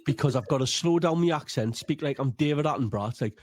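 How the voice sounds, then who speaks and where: A man's voice: medium pitch, fast talker, few pauses. A man with a Geordie accent, a stand-up comedian chatting on a podcast, joking and swearing freely. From North East England. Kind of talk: casual podcast chat.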